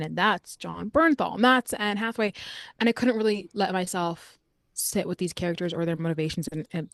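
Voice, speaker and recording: A young adult woman co-hosting a podcast, reviewing a film in casual, animated chat full of filler words. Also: lowish voice, dry recording, clean studio sound. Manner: chatty, animated, frequent "like" fillers. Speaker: podcast co-host.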